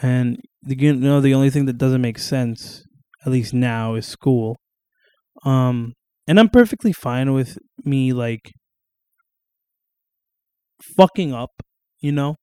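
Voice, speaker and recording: Young male solo podcaster, mellow, dry-sounding home recording, rambling and profane. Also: mid-range voice, takes it slowly, long pauses, clear, resonant tone, no room sound. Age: young adult. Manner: rambling, swears casually, many fillers and restarts. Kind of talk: casual solo podcast monologue. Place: at home, on camera.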